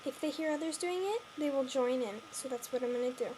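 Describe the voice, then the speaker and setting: A woman's voice: sits high, quick pace, darkish tone, rough recording. A woman vlogger chatting casually and playfully, explaining things to her viewers. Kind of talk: casual vlog chat. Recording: hissy recording with clucking hens.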